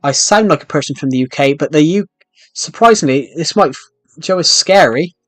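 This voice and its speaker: A man's voice: on the high side, animated, brisk, no room sound, faint music behind. A young British man chatting casually while streaming a game, rambling with frequent restarts. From United Kingdom. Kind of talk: casual live-stream chat while playing.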